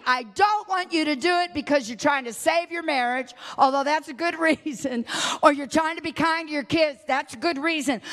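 A woman preaching a sermon, moving from quiet talk to shouted, emphatic prayer. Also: sits high, moderate pace, long reverb tail. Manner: emphatic, repetitive.

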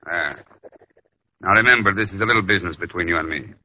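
A man's voice: low voice, fast. An actor playing a menacing male gangster who lends money, in 1940s radio acting. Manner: sneering, threatening. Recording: dull lo-fi old radio recording.

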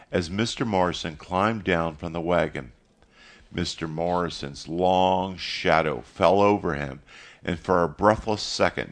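A man narrating a story as an audiobook, measured and steady. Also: low-pitched.

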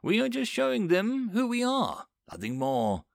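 A man voicing an ancient, pleasant cosmic being that speaks calmly and precisely. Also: high-pitched, unhurried, gravelly, no room sound, studio quality, pitched above the performer's own voice, full character voice.

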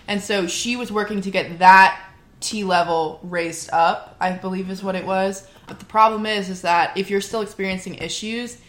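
A woman's voice: medium pitch, fairly bright tone, roomy sound. A young woman in casual chat who talks a lot, fills her speech with "like" and laughs easily. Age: young adult. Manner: chatty, lots of "like", quick laughs.

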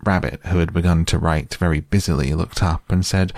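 Deep gravelly man reading a storybook. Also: fairly even intonation, brisk, hardly any pauses, darkish tone, no room sound, clean studio sound. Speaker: narrator.

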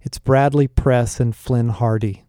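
A man's voice: medium pitch, fairly even intonation, measured pace, warm tone, dry recording, clean studio sound, lightly acted. A man voicing an impatient teenage boy with a blunt, hissing manner. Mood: hushed.

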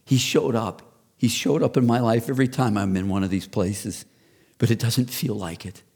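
A man in his fifties, a pastor preaching a sermon, who builds to loud rhetorical questions and then drops low and soft. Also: moderate pace, slightly rough.

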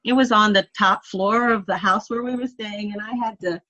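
A woman's voice: medium pitch, fairly even intonation, moderate pace, pushed and bright. A woman talking through a personal story as an interview guest, in a mid-range voice. Her delivery is earnest and reflective. She sometimes laughs at herself. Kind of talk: conversational storytelling.

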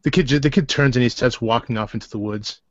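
A man's voice: mid-range voice, no room sound. Hesitant male game master. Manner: halting, many fillers and restarts. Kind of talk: narrating a tabletop game. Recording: dry, dull lo-fi sound.

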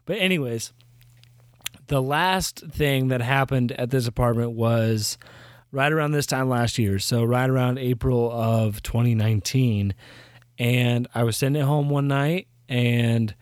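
A man's voice: medium pitch, darkish tone, dry recording. A young man hosting his own podcast, telling a story in a rambling casual way, often restarting sentences, with dry sarcasm. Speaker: podcast host.

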